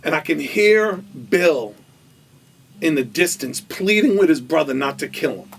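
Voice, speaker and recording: A man's voice: on the high side, lively intonation, measured pace, vocal fry, far from the mic. A man animatedly telling a wild anecdote as a guest, acting out the quoted voices and laughing as he goes. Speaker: storytelling guest.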